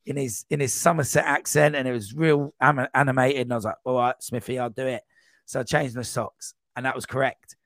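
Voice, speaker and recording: A man's voice: mid-range voice, quick pace, no echo. Dry-sounding man telling a rambling story. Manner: rambling, animated anecdote with quoted voices. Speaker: podcast guest. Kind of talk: casual storytelling.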